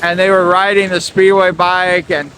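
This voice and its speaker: Man, channel host, fairly high voice, admiring, casual tribute narration, music behind. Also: little pitch movement, normal speed, rough recording. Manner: admiring, repetitive praise.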